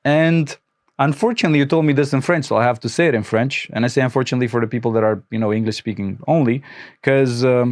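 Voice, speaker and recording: A man's voice: medium pitch, very fast. A man hosting a podcast, telling a story in casual chat and acting out the lines he quotes. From Romania. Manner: animated, acts out quoted lines with laughs. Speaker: podcast host.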